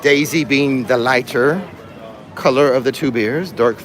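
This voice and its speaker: A man's voice: mid-range voice, measured pace. A man hosting a casual livestream while walking through a theme park, joking and laughing at his own jokes. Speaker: livestream host. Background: music and crowd in the background.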